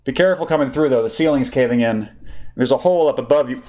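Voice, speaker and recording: An eager, brash young pilot, voiced by a man reading aloud. The voice sits higher than the reader's own and calls out loud and earnest. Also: fast, lightly acted. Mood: urgent.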